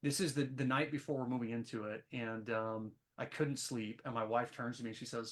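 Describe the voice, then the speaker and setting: A man's voice: medium pitch, fast. A man who is a podcast guest, telling stories animatedly with plenty of ums and restarts. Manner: animated storyteller, many fillers. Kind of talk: casual podcast interview.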